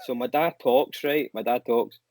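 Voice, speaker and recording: Animated man telling stories. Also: medium pitch, moderate pace, dry recording, rough recording. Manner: animated anecdotes, swears casually. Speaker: guest musician. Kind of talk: casual storytelling chat.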